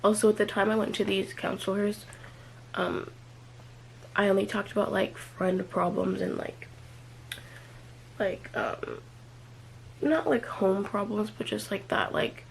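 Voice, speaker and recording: A young woman in a personal vlog, talking haltingly and filling her speech with "like" and trailing pauses. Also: mid-range voice, vocal fry, a little hiss or hum, rough recording. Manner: hesitant, filler-heavy, many "like"s and trailing off. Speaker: vlogger.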